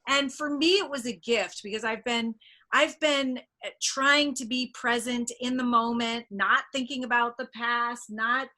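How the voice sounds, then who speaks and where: A woman's voice: a little high, steady tone, a little slow, bright, forceful tone. A middle-aged woman hosting a podcast, giving earnest, encouraging advice to parents in casual conversation. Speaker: podcast host.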